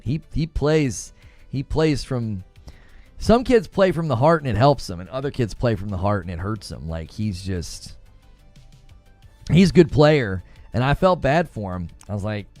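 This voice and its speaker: A middle-aged man hosting a gaming podcast, telling a story in casual chat, heated and animated, restarting sentences often. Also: mid-range voice, no echo. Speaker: podcast host.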